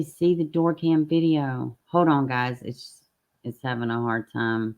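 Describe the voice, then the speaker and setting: A woman with a low, deep-set voice runs a casual true-crime live stream from her laptop. She chats bluntly with her viewers and doesn't mind a curse word. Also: steady tone, unhurried, lo-fi sound. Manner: chatty, blunt, swears, talks straight to viewers.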